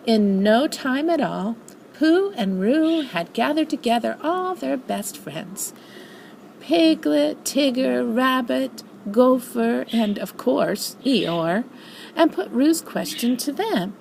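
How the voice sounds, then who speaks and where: An older woman reads a storybook aloud to her grandchildren, expressive and animated. Her voice is fairly high with a gravelly grain. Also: slow pace, a little hiss or hum, poor audio.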